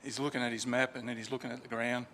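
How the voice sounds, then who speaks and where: Speaking fast with a sharp edge, this eulogist keeps a level tone at medium pitch. He tells a loose, conversational story about a friend in a crematorium chapel, using fillers and starting over at times. Slight noise and faint ambience sit in the echoing room.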